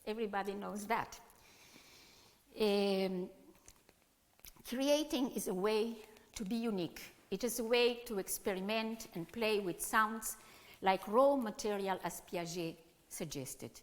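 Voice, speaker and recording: A woman music educator giving a conference talk, with halting, non-native phrasing, often turning to question her audience. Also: medium pitch. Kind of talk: conference presentation. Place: conference hall. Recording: long hall reverb.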